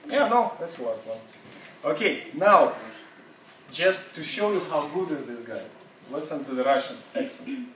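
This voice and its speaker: A male English teacher leads a classroom seminar in a conversational way, quizzing his students and laughing often. His voice is on the high side, very animated, unhurried, and fairly bright. The recording is noisy and echoey, picked up from far off in the classroom.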